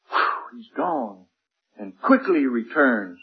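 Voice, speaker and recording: A man's voice: mid-range voice, big pitch swings, normal speed, long pauses, slightly rough, lo-fi sound. A man preaching a sermon in an emphatic way, repeating and building his phrases.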